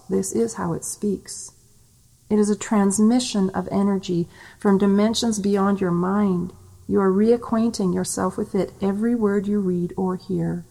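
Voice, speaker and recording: A woman leading a channeled guided meditation, speaking slow, incantatory verse with old-fashioned phrasing in a soft, intimate way. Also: medium pitch, vocal fry, rough recording. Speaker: spiritual teacher.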